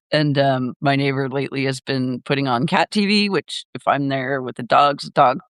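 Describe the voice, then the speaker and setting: A man's voice: mid-range voice, a bit bright, no room sound, studio quality. An older man hosting a casual live chat, rambling with lots of fillers and laughter. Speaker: live stream host.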